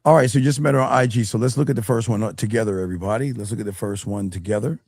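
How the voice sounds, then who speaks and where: Gravelly, blunt dating coach man. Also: very fast, no echo, clean studio sound. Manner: blunt, profane, gets loud and high when scornful. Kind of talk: livestream advice talk.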